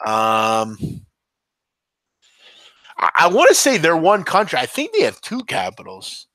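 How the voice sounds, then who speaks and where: This podcast host's voice sits on the high side, its pitch swooping wildly, with a sharp tone and a measured pace, and there's no room sound. He chats casually with viewers in a live stream, rambling and hesitating with ums and restarts.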